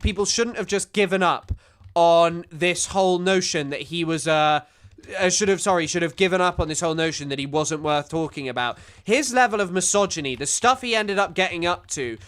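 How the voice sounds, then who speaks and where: A man commentating casually over a video clip, scornful and quick to laugh. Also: high voice, a bit bright, clean tone. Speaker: streamer reacting to a clip.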